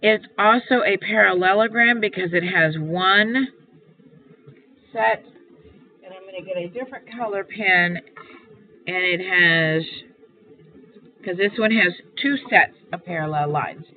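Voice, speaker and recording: A woman math teacher gives a homework walkthrough lesson, patiently explaining each step and repeating key points. Her medium-pitched voice is unhurried, with long pauses, and the recording sounds tinny and phone-like with faint hiss.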